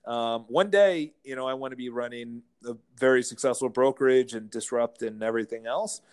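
A man, a real estate broker, telling stories as a guest in a casual interview, lively and laughing as he goes. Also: mid-range voice, fairly quick, smooth. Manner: animated, acts out quotes, laughs while telling stories.

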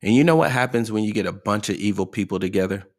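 Quick-paced and lively in intonation, a man with a lowish voice hosts a motivational podcast. He speaks emphatically and asks his audience rhetorical questions.

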